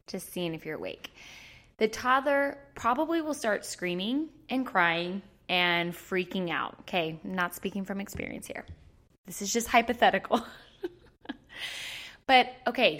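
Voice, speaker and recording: Woman, self-help coach, casual teaching, playful, laughs often, mid-pitched. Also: lively intonation, unhurried, a bit bright.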